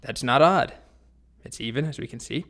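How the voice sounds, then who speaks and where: A cranky, hungry male dragon , as a storyteller man puts him on, sneering and condescending in a bedtime-story telling. His voice sits at an everyday middle pitch. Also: normal speed, a bit bright, natural voice. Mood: bored. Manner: grumpy, sarcastic. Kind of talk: storybook narration.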